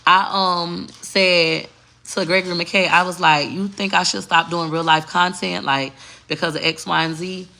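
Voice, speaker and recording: A woman's voice: fairly low pitch, fairly even intonation, moderate pace, vocal fry, sharp tone, slight background noise. A middle-aged woman vlogging in brash, emphatic casual talk, repeating her points.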